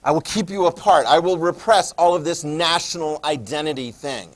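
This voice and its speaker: A man's voice: a little high, normal speed, close to an everyday voice. A teacher putting on the voice of a stern male dictator giving firm orders.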